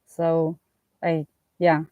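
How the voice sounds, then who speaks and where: A young woman whose first language is Hebrew, speaking English with a mixed British, American and Israeli accent. She reads a text aloud haltingly, stumbling and restarting words, and chats casually between passages. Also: sits low, completely flat delivery, mellow, no echo.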